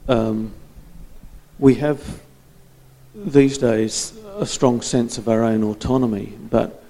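A man in a Bible study group sharing a thought in a measured way, pausing between phrases. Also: mid-range voice, dark tone, big-room sound.

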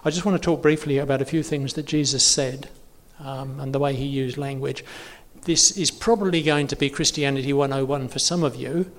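Speaking briskly in a mid-range voice with hardly any pauses, a man teaches faith informally as a preacher. He is chatty, corrects himself and uses many fillers, and the hall adds long reverb.

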